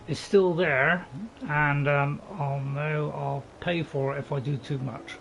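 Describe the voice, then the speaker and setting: Over constant cricket and insect noise and poor audio, a man with a fairly high, fairly bright voice speaks slowly with vocal fry and fairly even intonation. He's streaming a game, rambling easily and restarting his sentences as he chats.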